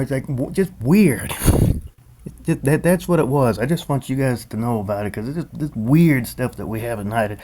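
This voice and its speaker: A man's voice: mid-range voice, darkish tone. A grown man vlogging, telling a nightmare in a loose, rambling way full of fillers and restarts. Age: adult. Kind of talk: rambling casual monologue.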